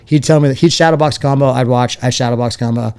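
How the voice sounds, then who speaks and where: A man tells his story loosely and casually as a guest. He plays out the voices of the people in his stories, and his pitch rises and falls as he does. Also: fast talker, clear, resonant tone. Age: 40s. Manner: animated storyteller acting out quoted voices. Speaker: interview guest, former fighter.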